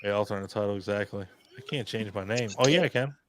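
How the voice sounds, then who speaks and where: A man's voice: on the low side, quick pace, fairly bright tone, a little hiss or hum. A man hosting a live online hangout, chatting casually in a joking, profane and rambling way. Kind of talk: casual chat.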